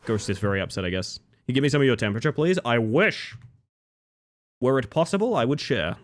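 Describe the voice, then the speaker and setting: A man live-streaming a game, reading chat aloud and joking, swinging between excited yelps and low mutters. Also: brisk, soft background music. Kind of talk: casual live-stream chat while gaming.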